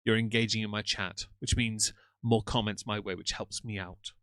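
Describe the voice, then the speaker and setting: A man's voice: lowish voice, steady tone, moderate pace, fairly bright tone, smooth. A middle-aged man from England, live streaming and reading chat comments in a dry, teasing, sardonic way.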